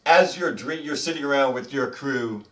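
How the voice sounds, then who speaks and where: A man's voice: medium pitch, normal speed, fairly bright tone, far from the mic. A man acting as dungeon master for a tabletop game, narrating and joking in a casual way with lots of fillers.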